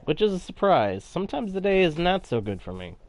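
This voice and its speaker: A man giving casual, chatty commentary while playing a video game, talking to viewers in chat in a playful, animated way. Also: sits high, brisk. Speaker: gaming channel host. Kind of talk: casual let's-play commentary.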